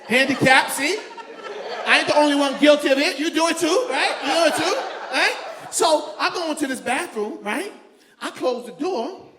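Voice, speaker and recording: A man from New York doing stand-up comedy, telling stories loudly and animatedly. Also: extremely high pitch, normal speed. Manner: loud, animated storytelling, laughing along. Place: comedy venue with a live audience. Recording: echoey room with faint ambience.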